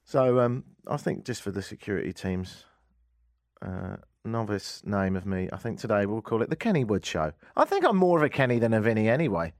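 A man's voice: on the low side, big pitch swings, fairly quick, no echo, studio quality. A man with an English accent hosting a radio talk show, talking in a wry, exasperated comic rant. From England. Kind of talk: casual comic radio monologue. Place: radio studio.

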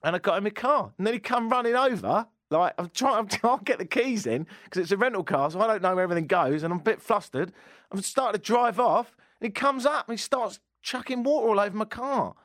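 An English man, a talk show host, telling a story in a chatty, self-mocking way. His voice sits a bit high and swings lively up and down. The sound is close and dry. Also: quick pace, no echo. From England. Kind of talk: casual anecdote.

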